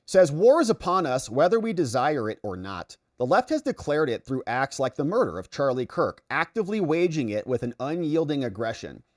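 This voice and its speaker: A man from the United States hosting a political commentary livestream, reading viewer chat aloud and reacting. He swings between excited outbursts and low mutters. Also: fairly quick, few pauses. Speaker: livestream host.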